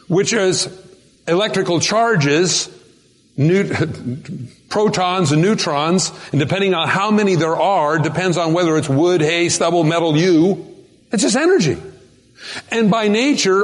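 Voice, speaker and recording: A man delivering a sermon with a somewhat high voice that swoops up and down animatedly. He hammers home words by slowing right down on them. His voice rings out with the long reverb of a large hall. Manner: emphatic preaching, slows down to stress key words. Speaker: pastor.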